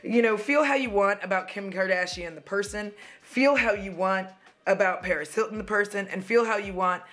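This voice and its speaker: A woman's voice: mid-range voice, normal speed, a bit bright. Blunt, swearing woman vlogger on a rant. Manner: blunt, profane, heated ranting. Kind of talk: casual commentary vlog. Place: at home.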